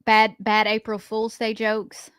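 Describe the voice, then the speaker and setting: A woman with a Southern American accent co-hosting a morning radio show, playful and quick with short retorts. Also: a little high, completely flat delivery, a bit bright, clean tone, dry recording, studio quality. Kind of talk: casual radio banter. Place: radio studio.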